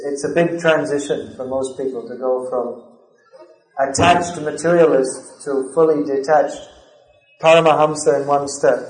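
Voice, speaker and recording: A man's voice: a little high, echoey room, poor audio. A man giving a scripture class lecture, speaking earnestly and building to emphatic stress, with verses recited in a chanting cadence. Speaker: spiritual lecturer.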